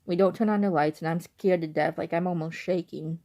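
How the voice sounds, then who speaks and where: A woman's voice: lowish voice, fairly even intonation, a little fast, dark tone. A young woman telling a rambling story casually at home in her bedroom at night, full of "like" and asides. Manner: rambling, chatty, lots of "like". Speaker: vlogger.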